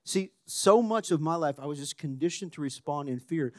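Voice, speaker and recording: A man preaching a sermon, animated and conversational, dropping to a hushed voice when acting out quotes. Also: on the high side, moderate pace, few pauses, no room sound, studio quality. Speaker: pastor.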